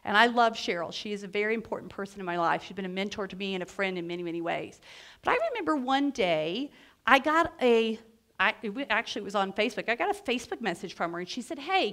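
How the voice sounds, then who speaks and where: A middle-aged woman and agency founder telling a personal story to students in an animated, lively way, often laughing. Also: mid-range voice, fast talker. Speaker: guest speaker, agency founder and executive. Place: lecture event before a student audience.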